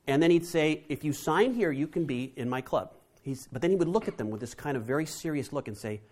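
A man telling a family story to an audience, animated and lively. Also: on the high side. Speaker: speaker.

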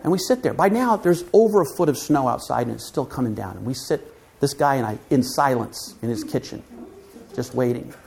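A man with a fairly high voice tells a personal story to a church congregation. He is lively and vivid, often restarting his sentences as he goes. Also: gravelly. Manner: animated, vivid retelling with restarts. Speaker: guest speaker and author. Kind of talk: storytelling sermon.

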